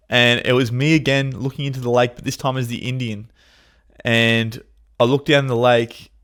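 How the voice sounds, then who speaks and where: A male podcast host telling a deeply personal story in an open, heartfelt monologue. His voice sits at an ordinary middle pitch. He swears freely, and his voice swells with feeling when the memories hit hard. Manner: candid and emotional, with frequent swearing; rises to intense, raised passages when reliving pain.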